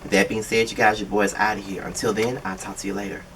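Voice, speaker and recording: A man's voice: fairly low pitch, little pitch movement, quick pace, recorded from a distance, a crowd in the background. Exasperated, profane man reviewing reality TV. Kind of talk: casual video commentary.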